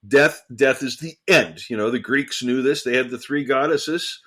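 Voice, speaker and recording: A man co-hosting a casual theological discussion, talking in an animated, emphatic way and repeating phrases for emphasis. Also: medium pitch, measured pace, hardly any pauses. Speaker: podcast co-host.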